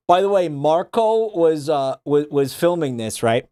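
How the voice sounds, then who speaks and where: Animated, laughing male streamer. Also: a little high, measured pace, a little hiss or hum. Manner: animated, laughs often, swears freely. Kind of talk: casual chat reacting to a game.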